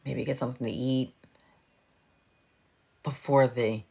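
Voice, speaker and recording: A woman in her fifties with a very deep, gravelly voice. She talks casually to her viewers, laughs a lot and swears freely. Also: steady tone, unhurried, mellow. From New York. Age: 50s. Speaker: livestream host.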